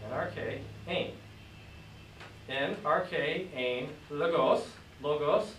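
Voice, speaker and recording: A man teaching a class, upbeat, with a slightly high voice. He drills his students with call and response. He is recorded from across an echoey classroom, with faint noise in the background. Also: takes it slowly, a bit bright, recorded from a distance. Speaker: Greek teacher. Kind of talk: classroom lesson.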